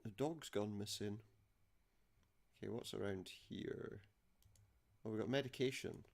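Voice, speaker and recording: A man's voice: fairly low pitch, unhurried, creaky. A man casually commenting while playing an adventure game, dry and wry. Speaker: let's play gamer.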